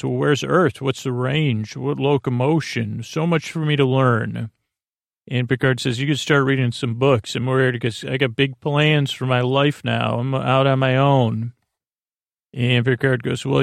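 A man hosting a sleep podcast, slowly recapping a TV episode in a meandering, halting way with many fillers. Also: medium pitch, gravelly, no room sound, clean studio sound. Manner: meandering, halting, full of uh and restarts. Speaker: podcast host.

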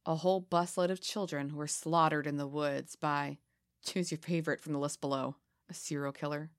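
A woman co-hosting a casual podcast, reading spooky legends aloud in a playful, giggly way with dramatic pauses. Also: sits low, fairly even intonation. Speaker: podcast co-host.

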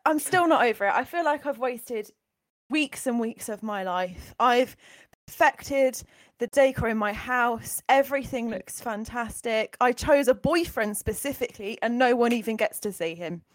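A woman's voice: on the high side, normal speed, dry recording, lightly acted. A woman playing a vain reality TV star. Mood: despairing. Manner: dramatic, self-absorbed.

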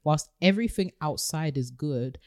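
A woman's voice: low-pitched, animated, moderate pace, a little mellow, no echo, studio quality. A woman co-hosting a podcast, talking earnestly and encouragingly in casual chat. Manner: earnest, encouraging, laughs often. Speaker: podcast co-host.

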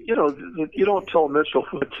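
An older man, once a car designer and now retired, rambles through his stories with plenty of fillers and false starts. His voice is slightly high and fairly quick, carried over a dry, tinny line that sounds like a phone call.

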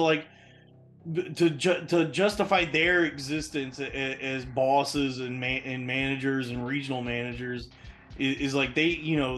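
A man's voice: mid-range voice, a bit bright. A man, a podcast host, telling a long casual story in a rambling, profane way, full of restarts and fillers.

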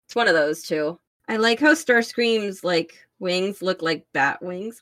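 A woman's voice: fairly low pitch, unhurried, a bit bright. A young woman co-hosting a fan podcast, chatting casually and rambling with many fillers as she searches for words. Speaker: podcast co-host.

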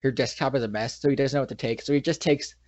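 Speaking fast with fairly even intonation, this medium-pitched, slightly mellow podcast co-host from New York rambles through a movie recap, restarting often and letting sentences trail off. There's no echo; the audio is dull, dry, and lo-fi.

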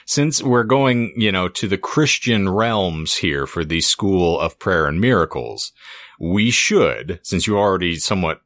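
A man with a fairly low voice leads a casual podcast chat. His pitch moves around a lot as he makes crude jokes and keeps the banter going. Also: unhurried. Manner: crude joking, animated. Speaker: podcast host.

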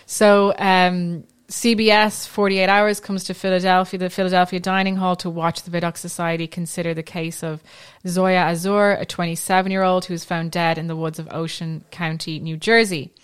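A woman co-hosts a podcast, walking her friends through a case in loose, chatty storytelling. Her voice sits a little low and comes across smooth and clear, with frequent ums and restarts along the way. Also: flat delivery, normal speed, hardly any pauses. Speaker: podcast co-host telling the case. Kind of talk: casual storytelling chat.

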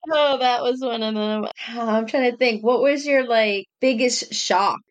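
A woman's voice: a little high, unhurried. A woman in her thirties, a podcast co-host, in casual conversational chat with laughing asides.

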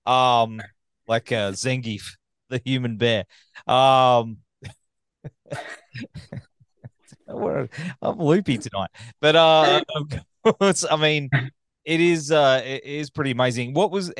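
A man's voice: mid-range voice, slow pace, long pauses, dry recording, studio quality. A man hosting a podcast interview, joking and loose, swearing casually. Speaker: podcast host.

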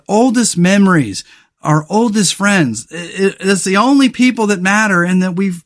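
A man with a high-sitting voice hosts a solo motivational podcast. He talks earnestly and rambles, restarting often, using fillers and dropping the occasional swear word.

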